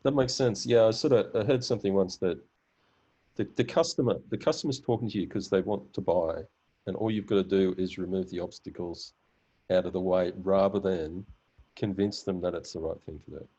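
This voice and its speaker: A man's voice: deep voice, fairly even intonation, a little fast, mellow. A man attending a sales workshop, mostly giving brief agreeing replies. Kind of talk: casual chat. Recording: dull lo-fi sound.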